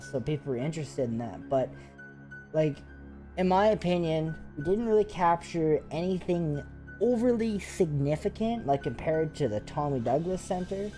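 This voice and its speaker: A man who hosts a paranormal investigation channel, telling ghost stories in a casual live chat with excited, rambling talk full of fillers. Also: fairly high pitch. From Canada.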